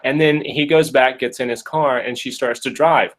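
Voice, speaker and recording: A man's voice: mid-range voice, moderate pace, low-quality recording. A man hosting a podcast, retelling a case in a jokey, casual way and acting out the quotes. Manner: jokey, animated, acts out quotes. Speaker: podcast host. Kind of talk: casual storytelling.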